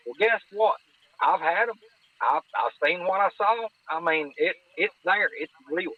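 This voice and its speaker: Southern man, podcast guest, folksy and sincere, higher-pitched, thin phone-line sound. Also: animated, a little slow. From North Alabama. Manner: folksy, earnest, repeats words while searching. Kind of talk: casual chat.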